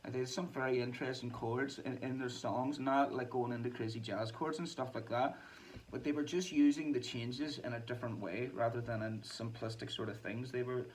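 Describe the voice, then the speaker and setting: A man's voice: mid-range voice, steady tone, a little fast, distant mic, poor audio. A chatty man rambles through a casual monologue, swearing freely and laughing between thoughts. He sits a little back from the mic, with a faint hum of ambient noise around him. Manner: chatty, swears a lot, laughs often, trails off.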